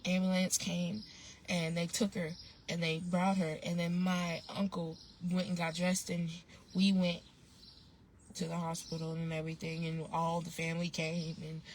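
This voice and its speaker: Low-voiced woman rambling through a story. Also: level tone, normal speed, slight background noise. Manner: rambling and slangy, with frequent restarts and fillers. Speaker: vlogger. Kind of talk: casual storytime monologue.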